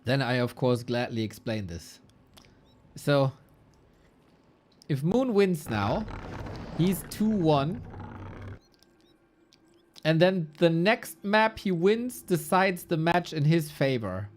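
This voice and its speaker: A male esports caster commentating a live match from his home stream setup. His pitch swings widely as he jokes with chat and shouts at the screen, yet he speaks at an unhurried pace. A faint hiss sits under his voice. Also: very animated. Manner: playful, chatty, talks to chat and shouts at the screen.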